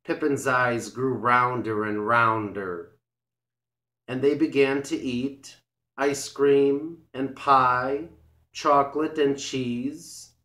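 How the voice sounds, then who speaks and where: Slow, deliberate man reading a story. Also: medium pitch, sharp tone. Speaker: storyteller for English learners. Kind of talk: scripted storybook narration. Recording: roomy echo.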